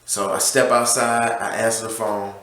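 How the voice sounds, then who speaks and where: A man's voice: fairly low pitch, flat delivery, moderate pace, fairly bright tone. A man, owner of a small car wash business, casually telling a story about a customer, rambling with many fillers and restarts. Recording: very echoey room.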